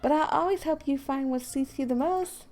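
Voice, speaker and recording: Bubbly teen club president played by a woman, raised and gravelly in pitch, over faint game music. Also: normal speed, darkish tone. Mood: encouraging. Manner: sweet, encouraging, bubbly. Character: cheerful confident teen girl club president.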